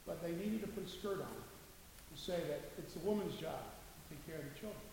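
A man's voice: a little high, animated, brisk, creaky, darkish tone. A man preaching a sermon in a conversational, humorous way, with many asides. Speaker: pastor. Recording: echoey hall from far off, faint hiss.

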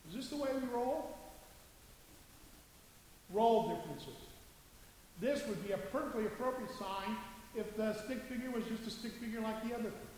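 A man's voice: high-pitched, moderate pace, long pauses, darkish tone. A man preaching a sermon in a conversational, humorous way, with many asides. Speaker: pastor. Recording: echoey hall from far off, faint hiss.

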